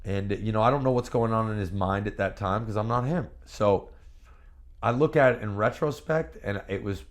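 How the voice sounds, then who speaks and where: A former pro wrestler being interviewed, talking in a brash, profane and boastful way and telling animated stories with bursts of repeated words. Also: male voice, lowish voice, normal speed. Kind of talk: candid shoot interview.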